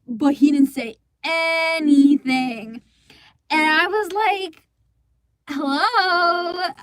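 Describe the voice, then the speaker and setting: A woman's voice: high voice, expressive, slow pace, dry recording. A woman voicing an indignant teenage girl who rambles through a story, exasperated and swearing freely, for a fan comic dub. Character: indignant teenage girl recounting a school play disaster.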